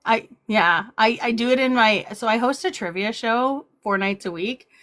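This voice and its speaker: A woman's voice: a little high, normal speed, a bit bright. A woman hosting a casual livestream chat, upbeat and chatty, sometimes breaking into auctioneer patter. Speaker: livestream host.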